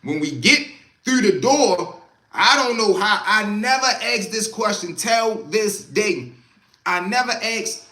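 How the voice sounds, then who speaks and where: Guy spinning a wild story on a live stream, high bright voice, lots of cussing and "boom", kinda echoey room. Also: slow. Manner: animated, profane, punctuates with "boom". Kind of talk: casual storytelling.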